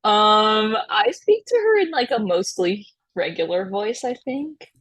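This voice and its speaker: A woman's voice: mid-range voice, lively intonation, unhurried, fairly bright tone, husky, no room sound. A woman musician as a podcast guest, chatting casually, with many fillers and restarts and frequent laughter. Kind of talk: casual interview chat.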